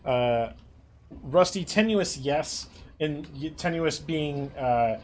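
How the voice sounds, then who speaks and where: Man, casual livestream host, relaxed chatty delivery, faint background hiss. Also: a little high, slow. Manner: relaxed, chatty, laughs easily. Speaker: stream host reading chat.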